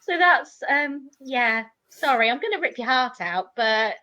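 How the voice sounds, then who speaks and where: Lively woman author with a high, bright voice, acting out stories. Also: a little slow, lo-fi sound. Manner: animated storyteller, acts out quoted dialogue. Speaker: author guest. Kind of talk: casual chat.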